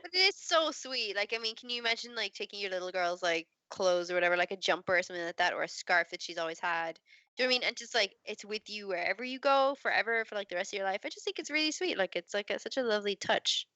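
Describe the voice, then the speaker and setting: An Irish woman chatting as a podcast guest, gushing and quick to laugh. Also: medium pitch, animated, sharp tone, no room sound, highs cut off. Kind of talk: casual podcast chat.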